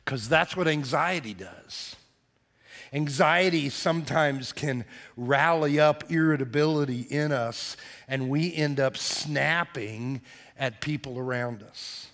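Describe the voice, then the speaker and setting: A middle-aged man preaching a sermon, telling a story vividly and acting out the voices, sometimes dropping to a hush. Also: fairly high pitch, slow pace. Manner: animated storyteller, acts out quotes, drops to hushed tones. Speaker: pastor. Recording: live in a reverberant church hall.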